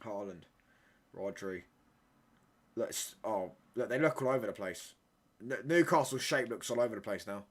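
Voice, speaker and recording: A young man live-streaming a football watchalong, reacting excitedly and bantering with viewers in slangy chat. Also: on the low side, moderate pace, long pauses, husky.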